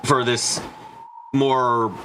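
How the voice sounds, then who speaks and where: A man's voice: mid-range voice, flat delivery, very slow, pushed and bright, a little hiss or hum. A man streaming a visual novel, reacting with swearing and self-mocking remarks. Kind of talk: let's-play commentary.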